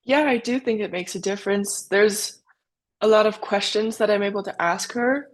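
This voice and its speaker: A woman's voice: mid-range voice, normal speed. A young woman racer answering interview questions in a chatty, casual way, full of "like" and "kind of". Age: young adult. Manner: chatty, many "like" and "kind of" fillers. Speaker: cyclocross racer guest.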